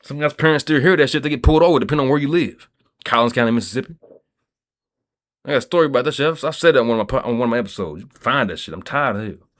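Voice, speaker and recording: A man's voice: medium pitch, lively intonation, very fast, a bit bright. A man delivering a rambling, profane vlog monologue in a streetwise way, often checking in with his listeners. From Kentucky. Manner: streetwise, profane, keeps asking "you feel me". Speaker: vlogger.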